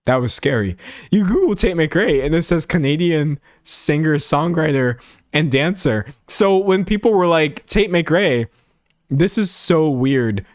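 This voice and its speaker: Speaking unhurriedly in a voice on the high side, a young Texas streamer chats casually with his comments. The recording is dry and close, and he's animated, giving quoted comments mock-dramatic voices, set in a home room with a backdrop.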